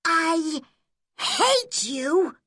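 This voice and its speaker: Anne, a shrill fiery orphan girl, voiced by a woman. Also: lively intonation, slow, bright, forceful tone, no echo, clean studio sound, exaggerated voice. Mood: furious. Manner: high, shrill outbursts. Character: fiery red-haired orphan girl, quick-tempered and proud.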